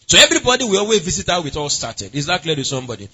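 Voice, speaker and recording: A man's voice: on the high side, big pitch swings, very fast, sharp tone, slightly rough, lo-fi sound. A man preaching an interactive sermon, asking the congregation questions and calling on members by name. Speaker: pastor.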